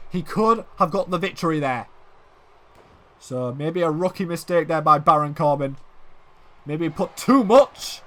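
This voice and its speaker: A man excitedly narrates the play in a wrestling video game, his delivery swinging between low murmurs and shouted exclamations.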